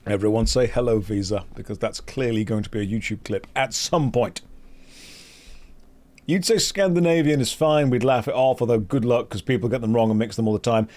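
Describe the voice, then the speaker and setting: A British man with a mid-range, slightly mellow voice hosts a gaming stream at a brisk pace. He chats casually while playing, telling rambling anecdotes with wry humour in a British English accent.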